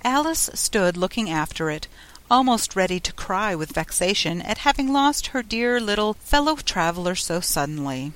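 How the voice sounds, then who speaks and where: Lively woman reading a storybook. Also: medium pitch, normal speed. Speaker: audiobook narrator. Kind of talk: storybook narration.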